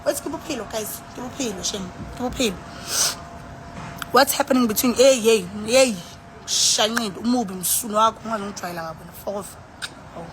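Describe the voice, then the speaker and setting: A livestreamer, tipsy and South African-accented, chats casually into her phone, rambling, sighing and switching languages. She speaks quickly in a fairly high voice. The background is noisy.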